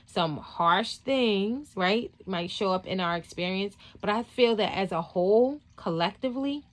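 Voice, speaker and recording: A woman's voice: medium pitch, measured pace. A woman hosting a spiritual vlog, telling a story from work in a rambling, casual way with lots of fillers and restarts. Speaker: spiritual channel host.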